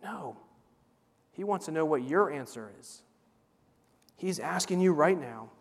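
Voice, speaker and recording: A man's voice: fairly high pitch, expressive, gravelly. Earnest male preacher in a reverberant hall. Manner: earnest preaching with slow emphatic repeats. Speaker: pastor. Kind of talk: sermon.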